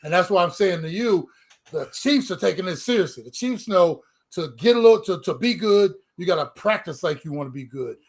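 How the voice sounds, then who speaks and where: A man's voice: high-pitched, brisk. A middle-aged man and former player co-hosting a casual sports podcast, talking emphatically and restarting words as he goes. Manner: animated, emphatic, repeats words when starting.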